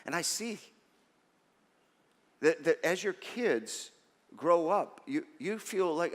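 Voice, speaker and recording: A middle-aged man preaching a sermon as pastor, conversational and animated, with self-deprecating stories. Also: on the high side, moderate pace, vocal fry. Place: large church auditorium. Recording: long reverb of a church hall.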